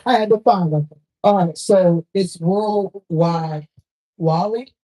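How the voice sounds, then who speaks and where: A woman's voice: fairly low pitch, extremely slow, dark tone, low-quality recording. A woman hosting a live poetry show on stage into a handheld mic, with loose, profane banter and frequent laughs. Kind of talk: casual live emcee banter.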